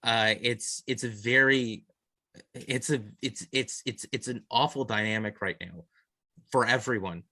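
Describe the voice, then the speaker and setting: A man's voice: medium pitch, measured pace, sharp tone, no echo, studio quality. A man co-hosting a casual sports podcast, talking earnestly and restarting his sentences often. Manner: rambling, repeats and restarts, earnest. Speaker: podcast co-host.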